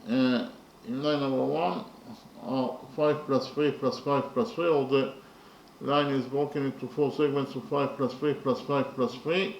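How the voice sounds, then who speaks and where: Gravelly man explaining a poem slowly. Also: mid-range voice, fairly even intonation, echoey room, lo-fi sound, a little hiss or hum. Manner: counts syllables carefully, with frequent pauses and fillers. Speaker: poetry teacher. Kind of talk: slow methodical lecture.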